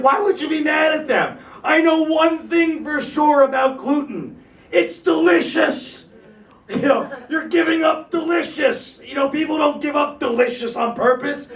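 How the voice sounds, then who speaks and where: A stand-up comedian in his thirties with a very high voice tears through his set, shouting rants, laughing through them and swearing freely. He sounds distant, and the room rings with echo.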